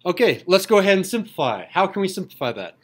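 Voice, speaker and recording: A man's voice: high voice, sing-song, fast talker, a bit bright, slightly rough. A man teaching math in a classroom, upbeat and joking, asking the class questions as he works through problems.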